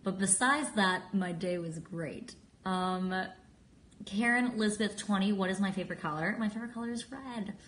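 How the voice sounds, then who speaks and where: A woman's voice: mid-range voice, moderate pace, fairly bright tone. A woman in her twenties chatting casually on a phone live stream, bubbly and giggly, reading out fan usernames and answering their questions. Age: 20s. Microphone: phone at arm's length.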